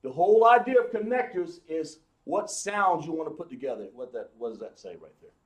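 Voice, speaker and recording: A man teaching a live class, explaining slowly, with many fillers and restarts. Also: fairly high pitch, animated, roomy sound. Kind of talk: live online class lesson.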